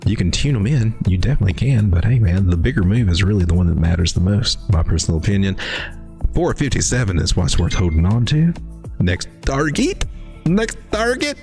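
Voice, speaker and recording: A man's voice: low-pitched, lively intonation, quick pace, vocal fry, a little mellow, faint music behind. A man hosting a live crypto stream, talking through charts in a folksy, rambling way with lots of restarts. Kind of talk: casual live market commentary.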